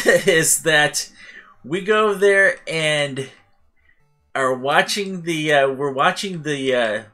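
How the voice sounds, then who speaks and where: A man hosting a let's play, chatting casually over gameplay and laughing often as he tells stories with lively acted-out voices. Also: on the high side. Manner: animated, acting out voices in his anecdotes.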